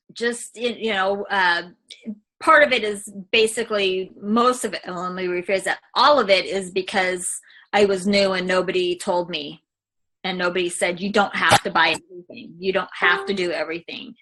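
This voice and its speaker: A woman realtor speaks with a bright, forceful tone, candid and heartfelt. She gives a client testimonial and often trails off with fillers. Her pitch sits in a middle range. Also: fairly even intonation, normal speed. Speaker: real estate agent client.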